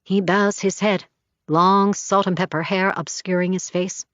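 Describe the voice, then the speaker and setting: A woman narrating a first-person audiobook in an intimate, steady storytelling voice, on a slightly dull recording. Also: lowish voice, measured pace, dry recording.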